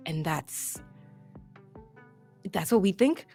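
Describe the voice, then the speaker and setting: A woman voicing a young adult, usually a grump, now hopeful, speaking in a hushed, halting way. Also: lowish voice, lively intonation, vocal fry, faint music behind, full character voice. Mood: earnest. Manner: hushed, halting, repeats words.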